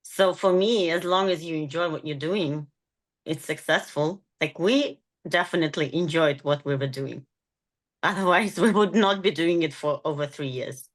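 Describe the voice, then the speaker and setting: A woman's voice: low voice, normal speed. A woman filmmaker answering in a casual interview, light and laughing.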